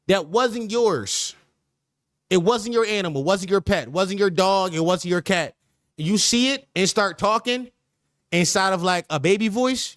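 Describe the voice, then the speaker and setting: High, animated man riffing on stream. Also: no room sound, clean studio sound. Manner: animated, repetitive riffing with slang. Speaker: podcast host. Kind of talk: casual streaming chat.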